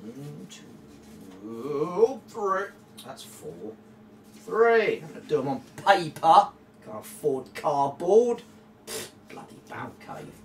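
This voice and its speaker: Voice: mid-range voice, sing-song, slow. A player chatting playfully and swearing while moving pieces in a tabletop wargame, humming little sound effects. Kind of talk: casual chat during a game. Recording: roomy distant mic with background noise.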